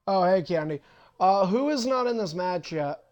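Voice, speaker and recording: A man's voice: high voice, lively intonation, moderate pace, a little mellow, muffled recording. A young man hosting an online wrestling league on a livestream, casually setting up matches and cursing impatiently at players who are late. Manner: profane, impatient, bossy.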